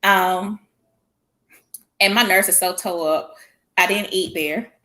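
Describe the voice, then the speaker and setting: A woman telling a story in casual chat, animated and laughing often, acting out her own words in a higher voice. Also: slow pace. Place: small church show studio.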